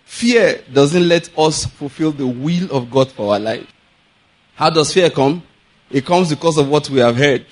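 Laughing Nigerian preacher. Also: male voice, a little high, a little slow. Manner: animated, laughing often, acts out quoted voices with pidgin. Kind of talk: sermon with storytelling.

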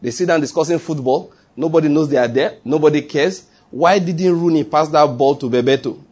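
Husky-voiced male preacher, emphatic. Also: on the high side, a little fast, darkish tone. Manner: emphatic, repeats key phrases. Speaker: pastor. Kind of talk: sermon.

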